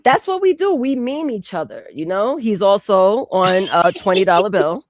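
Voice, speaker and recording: Young man, teasing panel chatter, high and lively. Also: normal speed, dry recording. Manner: teasing, laughs often. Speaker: panelist on a live show. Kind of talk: casual chat.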